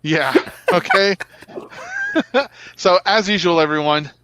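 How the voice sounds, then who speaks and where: A man's voice: fairly high pitch, slow pace, sharp tone, slight background noise. Chatty laughing male show host. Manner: chatty, laughing, says y'all. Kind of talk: casual show sign-off chat.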